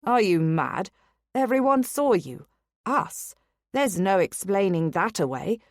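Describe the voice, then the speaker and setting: A woman reading a stubborn, defiant young lady whose lines rise sharp and heated in an audiobook. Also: medium pitch, big pitch swings, slow, no room sound, clean studio sound. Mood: indignant.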